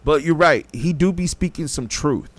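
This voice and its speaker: A man's voice: a little high, moderate pace. A man hosting a podcast, telling a story casually in a rambling, profane way and acting out what people said. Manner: rambling, profane, acts out quotes. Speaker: podcast host.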